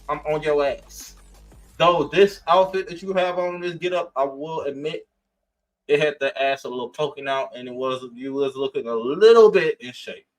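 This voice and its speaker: A man with a fairly high pitch, heard on a low-quality recording, delivers a casual rant reviewing a reality show. He swears, laughs often and talks with animated sass.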